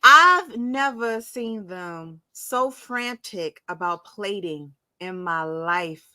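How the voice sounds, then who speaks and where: Animated bright-voiced female podcast co-host. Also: mid-range voice, slow pace, no echo. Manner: animated, emphatic, slangy. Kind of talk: casual chat reviewing a cooking show.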